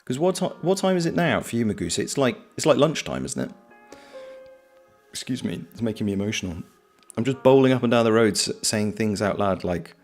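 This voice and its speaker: Man, low voice, casual livestream chat, reading chat aloud, faint lo-fi music behind. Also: big pitch swings, fairly quick. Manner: chatty, reads chat messages aloud and answers viewers. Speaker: livestream host. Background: soft lo-fi background music.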